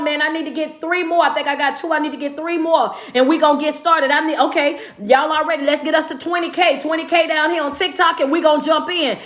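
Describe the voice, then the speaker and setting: Hyped woman hosting a livestream, high voice. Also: a bit bright. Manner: hyped, calls out to viewers by place. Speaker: motivational speaker and livestream host. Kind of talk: casual livestream shout-outs. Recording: echoey room.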